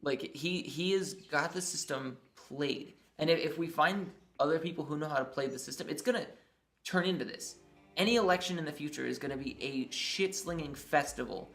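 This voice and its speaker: A man's voice: a little high, normal speed, fairly bright tone. A man co-hosting a casual podcast, making analytical points in long run-on sentences. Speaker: podcast co-host. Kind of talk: casual political podcast chat.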